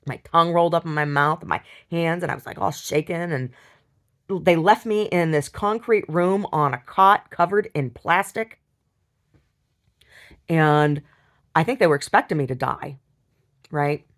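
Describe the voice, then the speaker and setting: A woman telling a personal story in a video diary, upset, rambling and halting with many restarts and repeated words. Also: low-pitched, fairly bright tone. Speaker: video diarist.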